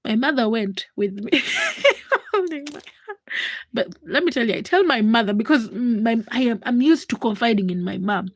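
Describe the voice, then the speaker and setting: A woman in her twenties, hosting a livestream and telling a personal story in a casual, animated way, acting out the voices of the people in it. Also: a little high, moderate pace, dry recording. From Uganda. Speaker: livestream host.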